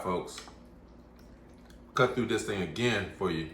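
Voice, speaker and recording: A man hosting a home cooking vlog, chatty and excitable as he talks through his dish. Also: deep voice, slow. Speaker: cooking channel host. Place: home kitchen. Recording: echoey room with faint noise.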